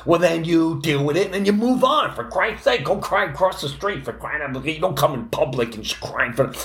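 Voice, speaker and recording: Man putting on a loud gruff café owner guy, blunt, brash, exasperated, raised voice. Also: a little high, lively intonation, fairly quick, echoey room, voice pushed up. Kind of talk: storytelling with acted quotes.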